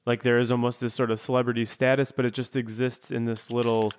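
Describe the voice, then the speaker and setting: A man hosting a relaxed interview, musing through long, winding questions. His voice is smooth and resonant, at an ordinary middle pitch. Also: quick pace. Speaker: podcast host. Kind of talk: casual interview.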